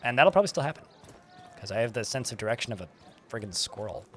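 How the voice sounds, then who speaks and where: A young man giving casual gameplay commentary, joking and rambling, thinking out loud and swearing freely. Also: medium pitch, lively intonation, fast talker, a little hiss or hum. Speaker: streamer playing a game.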